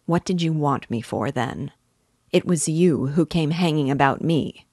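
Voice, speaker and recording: A woman's voice: deep voice, a little slow, a little mellow, dry recording, studio quality. A woman reading the lines of a tense, gloomy young man who speaks bluntly and impatiently.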